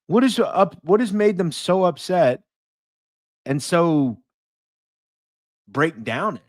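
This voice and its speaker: A man from the United States hosts a loose livestream chat, blunt and mocking. His pitch swings widely as he talks, and the sound is dry and close with no room around it. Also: animated, slow, dry recording. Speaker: podcast host.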